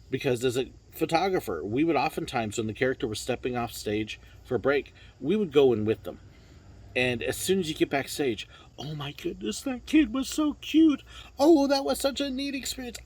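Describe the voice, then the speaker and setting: A man with a slightly husky, breathy voice tells stories about his years working at theme parks. His pitch swings widely as he acts out coworkers and guests. The delivery is a casual, animated monologue, and his voice sits a bit higher than most men's. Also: low-quality recording. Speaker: former theme park worker sharing stories.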